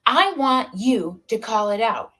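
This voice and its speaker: Ranting woman streamer, taunting call-outs, swooping lively pitch, slow deliberate delivery. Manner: confrontational, taunting, repetitive. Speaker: livestreamer in a played clip.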